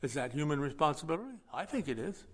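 Male pastor, fairly high voice, folksy and emphatic sermon delivery, long hall reverb. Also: big pitch swings, fast. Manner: emphatic, swings between loud stresses and quiet asides; folksy, conversational preaching.

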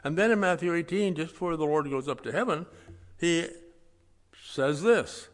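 A man preaches a sermon in a slightly high voice, talking to the congregation in a plain, folksy way. He hits key words loudly and drops into quiet asides. His voice carries a long reverb from a large hall. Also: normal speed. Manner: emphatic, swings between loud stresses and quiet asides. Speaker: pastor.

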